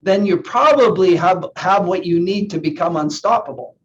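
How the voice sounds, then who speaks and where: A man's voice: high-pitched, moderate pace. A man coaching a live online group session, talking earnestly and often repeating words as he thinks aloud. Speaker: NLP coach. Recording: slightly dull lo-fi sound with faint hiss.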